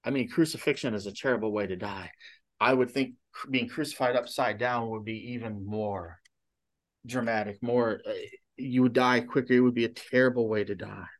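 A man's voice: mid-range voice, steady tone, normal speed. A male pastor giving a conversational sermon, full of rhetorical questions and frequent restarts.

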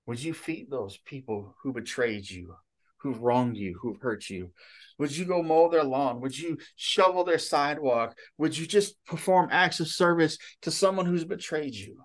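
A man's voice: a little high, animated, normal speed. A male pastor giving a conversational sermon, full of rhetorical questions and frequent restarts.

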